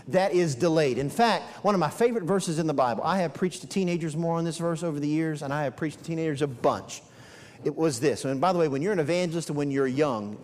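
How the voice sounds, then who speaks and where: A middle-aged man preaching a sermon as an evangelist, animated and acting out characters. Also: fairly high pitch. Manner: animated, acts out characters in asides. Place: church sanctuary. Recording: long hall reverb.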